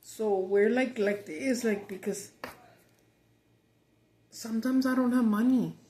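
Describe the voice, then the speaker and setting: A woman's voice: a little high, takes it slowly, dark tone. Roomy-sounding woman venting. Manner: frustrated, cussing, mixing Spanish and English. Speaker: mukbang vlogger. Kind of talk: casual chat while eating. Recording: roomy echo.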